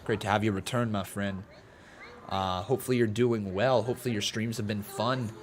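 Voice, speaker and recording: A man's voice: on the low side, steady tone, a little fast, a little hiss or hum. A man hosting a casual live stream, reading out donations and chatting with viewers, laughing at his own jokes. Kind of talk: casual watch-along chat with live chat.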